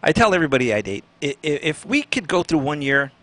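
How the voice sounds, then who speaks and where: A man who is a radio DJ, guesting on a talk show and telling stories in a rapid, stammering way. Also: fairly high pitch, very animated, a bit bright. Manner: rapid, storytelling, stammers and repeats words. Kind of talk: casual chat as a call-in guest.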